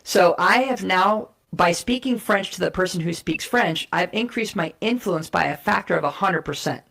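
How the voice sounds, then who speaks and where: A woman guest giving an energetic, persuasive talk on communication styles and acting out short role plays to make her points. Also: fairly low pitch, normal speed, vocal fry. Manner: energetic, persuasive, emphatic teaching. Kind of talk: animated explanatory talk with role play.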